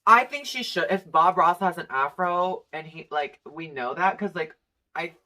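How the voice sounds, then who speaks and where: A guest in a casual chat, gossipy and slangy, dropping into quick impressions. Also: medium pitch, bright, forceful tone.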